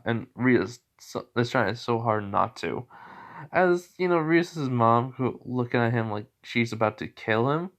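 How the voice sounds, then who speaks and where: Rambling male storyteller. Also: mid-range voice. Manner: rambling, many fillers and self-corrections. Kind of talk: improvised fan story narration.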